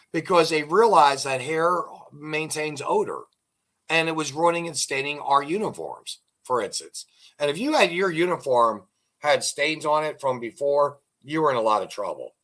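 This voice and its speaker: A man's voice: a little high, a bit bright. An older man with a slightly raised voice hosts a casual interview. He rambles through jokes and stories, putting on voices for the people in them. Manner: rambling storyteller, acts out joke dialogue. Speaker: podcast host.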